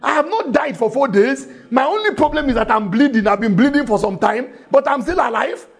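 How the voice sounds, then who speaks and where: A man voicing a sick woman who is determined and hopeful, speaking urgently and loudly. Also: very high voice, expressive, brisk, slightly rough, voice pushed up, full character voice. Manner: urgent, raised, exclaiming.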